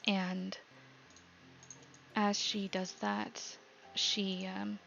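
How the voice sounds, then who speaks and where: A woman narrating as game master of a tabletop game, halting with many fillers. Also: mid-range voice, monotone, vocal fry, a bit bright, highs cut off, slight background noise.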